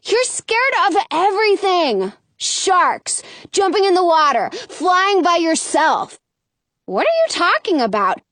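A woman's voice: slow pace, dry recording, exaggerated voice. A woman reading aloud voices a bold, teasing young boy who dares his older sister. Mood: taunting. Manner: taunting, high and lively.

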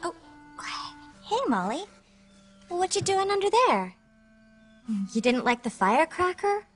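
A squeaky giggly cartoon girl. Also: very animated, measured pace, faint music behind, heavily acted. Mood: sweet. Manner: giggly and eager. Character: young girl clown, eager and giggly.

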